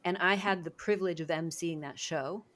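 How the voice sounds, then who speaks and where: A low-pitched woman hosts an interview podcast as a speaking coach. She talks in an effusive, encouraging manner and heaps praise on her guest. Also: normal speed, fairly bright tone. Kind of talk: interview conversation.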